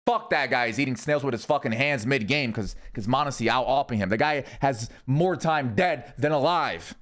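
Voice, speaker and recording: A young man streaming, casually rambling through esports predictions with lots of swearing and thinking out loud. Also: medium pitch, normal speed. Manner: rambling, profane, thinking aloud.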